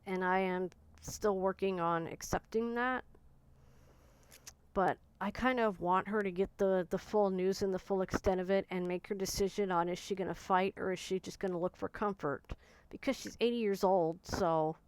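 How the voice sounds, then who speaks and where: A woman in her forties speaking in a personal, reflective monologue, soft and searching, often pausing and restarting her sentences. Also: medium pitch, steady tone, smooth, no room sound. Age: 40s. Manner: soft, searching, halting speech with frequent restarts. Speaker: vlogger.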